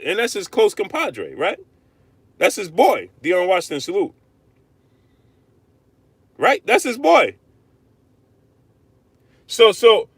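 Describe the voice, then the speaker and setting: A man hosting a live-stream boxing rant, arguing hard, repeating himself and shouting out viewers. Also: on the high side, no echo. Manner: animated, repetitive, argumentative, shouting out viewers. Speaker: livestream host.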